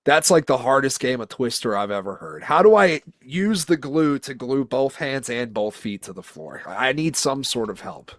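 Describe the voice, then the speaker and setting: A man's voice: mid-range voice, expressive, normal speed, hardly any pauses, no room sound, studio quality. A young man co-hosting a sports talk show, reading odd news stories aloud and riffing on them with jokes and swearing. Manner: profane, joking storyteller reading headlines aloud. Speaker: podcast co-host. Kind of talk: casual chat.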